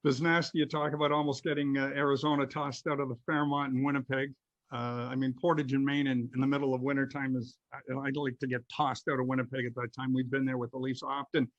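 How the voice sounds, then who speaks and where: A man's voice: mid-range voice, level tone, fast, lo-fi sound. A man hosting a podcast, asking questions in a casual, conversational way with frequent short agreements. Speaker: podcast host. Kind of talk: casual interview.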